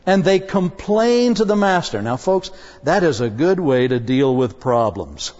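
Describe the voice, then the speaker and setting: A man's voice: a little high, a little slow. A man preaching a sermon with humor, telling a story and acting out the voices. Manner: animated, jokey, acts out voices. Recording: dull sound, long hall reverb.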